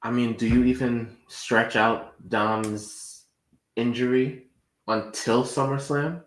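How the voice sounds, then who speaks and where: A man co-hosting a casual wrestling podcast, thinking through ideas out loud. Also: takes it slowly, echoey room. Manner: thoughtful, lively swings in pitch. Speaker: podcast co-host.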